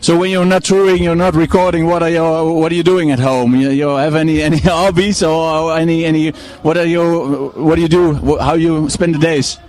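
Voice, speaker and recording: A man whose first language is Dutch, interviewing a guest on the radio and asking halting questions full of repeated fillers. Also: fairly high pitch, steady tone, darkish tone. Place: radio studio.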